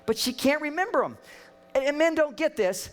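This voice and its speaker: A man delivers a relationship seminar to a live audience, joking and animated as he tells his stories. His voice sits very high for a man. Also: fairly quick. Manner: joking, animated storytelling with acted quotes. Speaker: relationship speaker and counselor.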